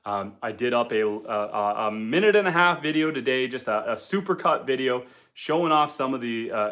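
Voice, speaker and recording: A man of middle pitch with a bright, forward voice hosts a casual homestead livestream. He talks easygoingly, full of ums and uhs, as he reads out viewer comments. He sits indoors at home beside a wood stove fire. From Canada.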